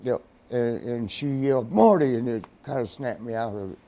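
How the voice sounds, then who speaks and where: Mellow-voiced man telling rowdy stories. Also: medium pitch, normal speed. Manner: laughing often, acts out quoted voices; profane, rambling with restarts. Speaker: interview guest, former wrestler. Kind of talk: casual storytelling interview. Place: studio.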